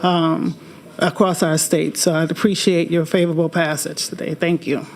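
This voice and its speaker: A woman's voice: deep voice, level tone, moderate pace. A woman state representative giving earnest, impassioned closing remarks on her bill at a committee hearing.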